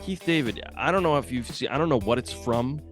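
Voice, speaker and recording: A man's voice: mid-range voice, expressive, fairly quick, music in the background. A man co-hosting a podcast, chatting casually, joking, laughing often and swearing. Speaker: podcast co-host. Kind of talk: casual chat.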